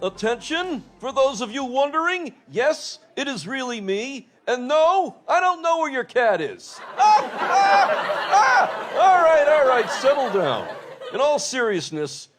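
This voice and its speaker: A man's voice: very high voice, very animated, slow, heavily acted. A showy, joking best man. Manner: joking, playing to the room. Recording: loud crowd, noisy wedding hall.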